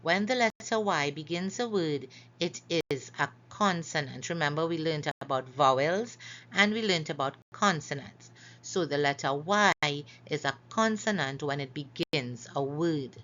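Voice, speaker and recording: A woman teaching a phonics lesson over slides, slowly stretching out and repeating each example word. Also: sits low, lively intonation, a bit bright, dull audio. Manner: slow, careful, stretches out example words.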